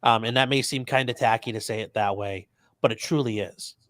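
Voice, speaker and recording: A man's voice: mid-range voice, a bit bright, no room sound, studio quality. A man hosting a livestream, chatting casually and reading out viewer messages, often stumbling over his words. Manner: halting, repeats words, reads super chats aloud. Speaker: livestream host.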